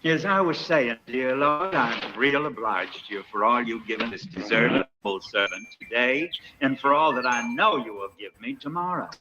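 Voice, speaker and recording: A man's voice: mid-range voice, moderate pace, few pauses, close to an everyday voice. A man playing a smug pious plantation owner. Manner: self-satisfied, preaching prayer. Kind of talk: dubbed film acting. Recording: dull lo-fi film audio with noise.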